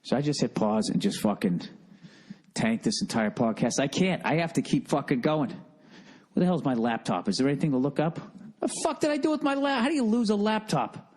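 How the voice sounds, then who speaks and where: A man's voice: fairly high pitch, sing-song, fairly quick, a little mellow. A middle-aged man with a Boston accent hosting a solo podcast, rambling in a profane, self-mocking and distracted way. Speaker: podcast host.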